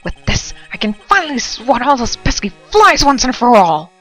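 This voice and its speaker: A spiteful schemer gloating aloud, as a woman puts the voice on. The delivery is loud and sneering, with faint music behind. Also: on the high side, very animated, normal speed, voice pushed up.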